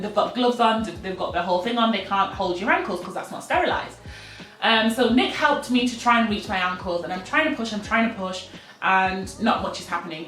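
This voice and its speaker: A Kenyan woman vlogger telling a personal story to camera in a casual, animated way, acting out what people said with sudden jumps in pitch and bursts of laughter. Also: reverberant.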